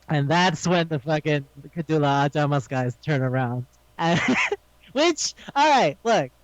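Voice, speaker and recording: A man's voice: fairly high pitch, lively intonation, a little slow, no room sound. A man chatting casually on a podcast, rambling, swearing often and laughing a lot. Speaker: podcast co-host. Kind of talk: casual chat recapping an anime. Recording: slightly dull lo-fi sound.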